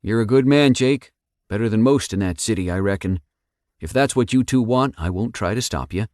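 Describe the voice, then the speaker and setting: Guy doing a big friendly country man, drawly folksy talk, a bit higher than his normal voice, dry sound. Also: moderate pace, a little mellow, no echo, natural voice. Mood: hearty. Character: big folksy rural man, warm and hearty. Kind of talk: audiobook character voice.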